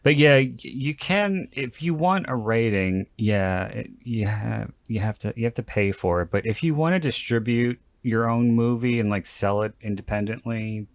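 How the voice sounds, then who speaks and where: A man's voice: mid-range voice, normal speed, hardly any pauses, no room sound. A man hosting a podcast in casual chat, rambling and joking, often stopping to restart his sentences. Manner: rambling, self-interrupting, jokey. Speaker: podcast host.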